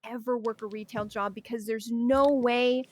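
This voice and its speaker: High-voiced young woman telling stories. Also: moderate pace. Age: young adult. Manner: animated storytelling, swears freely. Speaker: streamer. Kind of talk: casual chat.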